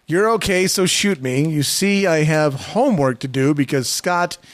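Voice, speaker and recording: Co-host guy, kinda high voice, dead dry mic, cracks jokes, reads stuff all sing-songy. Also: normal speed, dry recording. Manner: wry, joking, reads in a sing-song poem cadence. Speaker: podcast co-host. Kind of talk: casual podcast banter.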